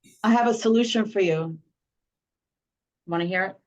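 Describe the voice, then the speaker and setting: A woman chatting on a video call, telling a story in an animated way with frequent laughs. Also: medium pitch, moderate pace, a crowd in the background. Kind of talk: casual video call chat. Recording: dull lo-fi call audio.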